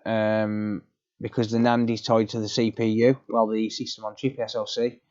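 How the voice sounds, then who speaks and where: A man's voice: on the low side, flat delivery, normal speed, a little mellow. Plain-spoken man on a dull lo-fi stream. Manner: explanatory, matter-of-fact, with frequent ums and restarts. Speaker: live-stream repair technician. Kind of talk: casual live-stream chat answering viewers.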